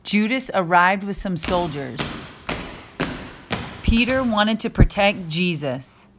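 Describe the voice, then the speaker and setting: A woman narrating a school skit with slow, clear storytelling. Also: mid-range voice, lively intonation, background noise.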